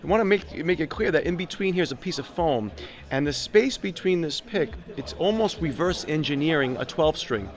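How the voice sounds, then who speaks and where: A man's voice: on the high side, lively intonation, moderate pace. A man demonstrating his guitar product in an interview, upbeat and salesy, coaching a beginner step by step. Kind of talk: product demo with live guitar playing. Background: guitar playing.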